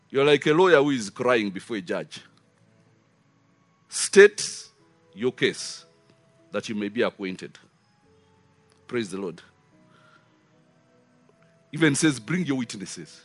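A man preaching a sermon, emphatic and full of rhetorical questions. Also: on the low side. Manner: animated, rising and falling emphasis with rhetorical questions.

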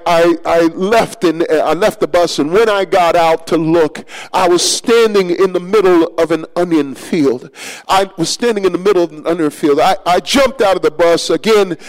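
Male preacher, pitched high, driving a dramatic story from the pulpit with fervor. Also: low-quality recording. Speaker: pastor. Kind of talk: sermon.

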